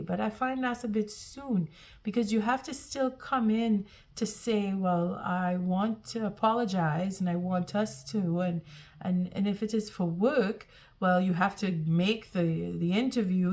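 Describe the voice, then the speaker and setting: A woman giving a tarot reading to her viewers, earnest and reassuring, often repeating and restarting her phrases. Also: on the low side. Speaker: tarot reader.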